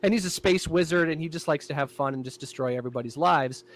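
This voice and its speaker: A man in casual podcast chat, describing his own show in an animated way. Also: on the high side, fast talker. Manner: animated, jumping into character voices.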